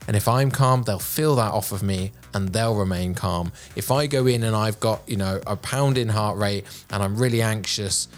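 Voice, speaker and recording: A man hosting a podcast on presenting, speaking with an energetic, projected voice and careful, clear enunciation into a studio microphone. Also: on the low side, normal speed, few pauses. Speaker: podcast host.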